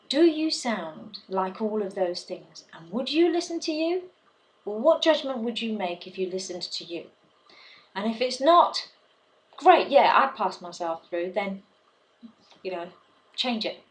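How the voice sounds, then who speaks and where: A woman's voice: medium pitch, poor audio. A woman who trains salespeople, talking to camera in an advice video and stressing her points by repeating words. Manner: emphatic, repeats key words for effect.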